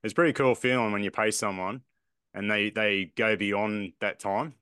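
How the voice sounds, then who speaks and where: A man hosting a podcast, chatting casually and telling animated stories with casual swearing. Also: on the low side, normal speed, smooth, no echo, studio quality. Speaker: podcast host. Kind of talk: casual chat.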